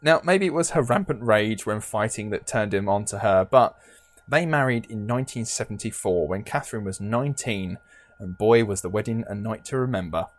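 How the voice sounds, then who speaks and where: A man's voice: lowish voice, fairly quick. A man hosting a podcast, telling a story in a casual way with frequent laughs and fillers. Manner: laughs often, many "um, now" fillers. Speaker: podcast host.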